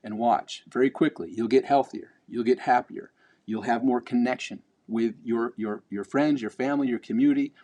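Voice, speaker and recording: A man's voice: medium pitch, steady tone, normal speed, mellow. A man vlogging a motivational talk, blunt and emphatic, swearing casually and repeating words as he builds up.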